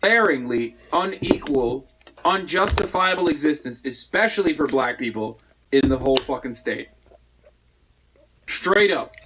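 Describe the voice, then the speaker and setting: A man's voice: a little high, animated, a little slow, background noise. A man in a played clip, ranting heatedly and profanely in a commentary.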